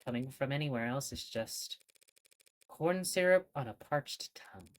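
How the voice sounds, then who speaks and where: A woman voicing a gruff, cynical male detective who talks in a curt, sarcastic way, reading game dialogue. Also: very deep voice, expressive, measured pace, slight background noise, poor audio. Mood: lecturing. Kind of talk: game dialogue read aloud.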